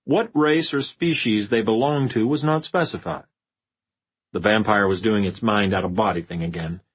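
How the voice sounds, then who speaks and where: Husky-voiced male audiobook narrator. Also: on the low side, moderate pace, rough recording. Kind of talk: scripted narration.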